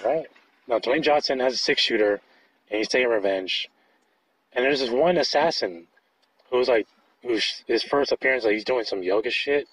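A man's voice: medium pitch, normal speed, fairly bright tone, breathy edge, dry recording. A man co-hosting a podcast in casual chat, rambling with lots of filler words. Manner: rambling, laughs often, many likes. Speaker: podcast co-host. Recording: dull lo-fi sound.

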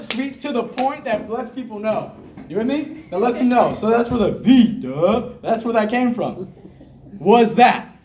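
High-voiced, hyped man speaking in an echoey room. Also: moderate pace, crowd noise, noisy background. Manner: hyped, energetic, repetitive, laughs often. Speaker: team leader giving a motivational talk. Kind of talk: motivational speech to a group. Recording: echoey room, mic from a distance.

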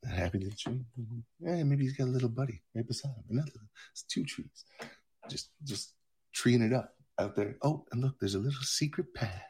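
A man putting on a calm, gentle male TV painter, speaking quietly and soothingly. The hushed murmur drifts slowly along, softer than his normal talk. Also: medium pitch, breathy edge.

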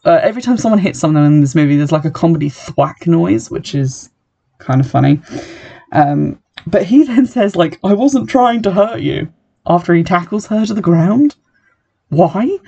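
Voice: mid-range voice, animated, normal speed, creaky, mellow. A speaker giving a casual, sardonic recap of a film, full of "like" and dry asides. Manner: chatty and sardonic, heavy use of "like". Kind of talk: casual spoken movie recap.

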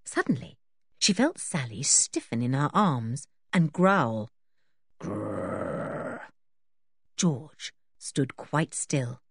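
A woman's voice: rumbling low, very animated, slow pace, slightly rough, no echo, studio quality. A woman narrating a children's storybook expressively and switching into voices for the characters. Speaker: audiobook reader.

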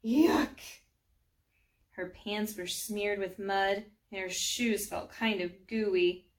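A woman reading a children's storybook aloud, gently, sometimes speaking directly to young listeners. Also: medium pitch, flat delivery, slow pace. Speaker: storybook narrator.

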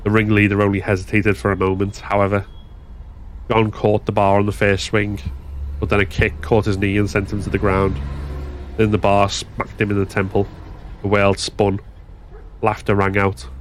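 A man reads a story in a steady, measured narration. His voice sits low, and a faint hum of noise runs beneath the reading. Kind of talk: scripted narration.

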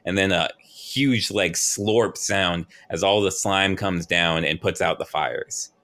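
A man running an improvised role-play game on a podcast, goofy and quick to laugh. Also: sits low, bright, forceful tone. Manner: goofy, laughs often, acts out monsters. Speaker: game master and podcast host. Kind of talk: improvised tabletop storytelling podcast.

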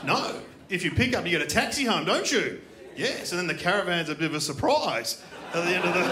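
Animated Australian man doing stand-up. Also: a little high, brisk, crowd noise. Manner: storytelling with acted-out characters and punchlines. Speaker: stand-up comedian. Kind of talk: stand-up comedy routine. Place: comedy festival stage before a live audience.

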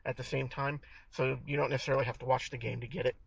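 Man, podcast co-host, gravelly, dry close sound, rambling fan explanations. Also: medium pitch, level tone, fast, dry recording, low-quality recording. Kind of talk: casual fan chat.

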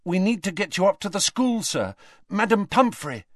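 A man's voice: high-pitched, very animated, moderate pace, no echo, studio quality, voice pushed up. A man doing an anxious teenage boy wizard. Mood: urgent.

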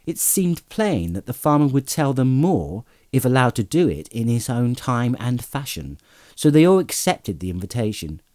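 A man's voice: mid-range voice, sing-song, normal speed, darkish tone, dry recording, studio quality. A man reading a fantasy novel aloud as an audiobook narrator, telling the story expressively. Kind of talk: scripted narration.

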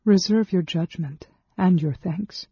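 A woman's voice: fairly low pitch, a little slow, husky, no echo, dull audio, pitched above the performer's own voice. A narrator voicing Sarah, a tense, earnest woman who speaks with urgency. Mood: urgent.

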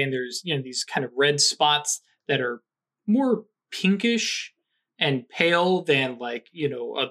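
A man running a tabletop game, talking in a slightly high, bright voice. He narrates scenes at length in a loose, rambling way, full of fillers. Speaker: game master.

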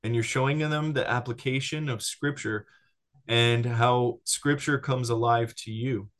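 A man talks through discipleship in a loose, conversational teaching style. He is animated, restarts his sentences often and keeps checking in with his listener. His voice sits at an ordinary middle pitch. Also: measured pace. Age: adult with a child. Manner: animated, lots of restarts and "right?" check-ins.

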